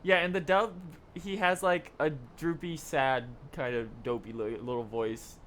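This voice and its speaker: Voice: medium pitch, fairly even intonation, measured pace, a bit bright, a little hiss or hum. A streamer reading every character's dialogue from a video game aloud during a live playthrough, with laughing asides in between.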